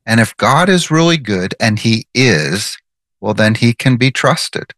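A man's voice: mid-range voice, lively intonation, measured pace, fairly bright tone, dry recording. A man giving devotional Bible teaching, earnest and emphatic, repeating his key phrases.

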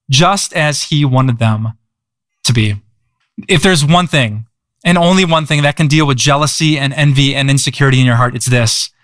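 A male pastor preaching in a conversational way, often asking the audience questions and repeating words as he goes. His voice sits a little higher than most men's. The sound is dry and close. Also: fairly bright tone, no room sound. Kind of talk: sermon. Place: church.

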